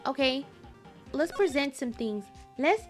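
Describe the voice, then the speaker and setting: A woman's voice: high voice, expressive, a little slow, faint music behind. A woman streamer giving casual commentary over a game, chatty and exclaiming as she talks to her chat. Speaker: gaming streamer.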